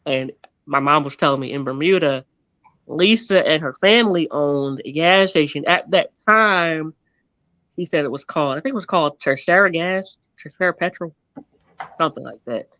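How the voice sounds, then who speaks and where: Rambling, bright-voiced male interview guest. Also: on the high side, normal speed, no room sound. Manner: rambling, often correcting himself mid-sentence. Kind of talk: casual storytelling interview.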